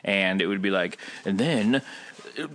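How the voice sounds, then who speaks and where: A man's voice: on the low side, lively intonation, measured pace, fairly bright tone. A man co-hosting a podcast in casual chat, rambling with restarts and laughing often. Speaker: podcast co-host.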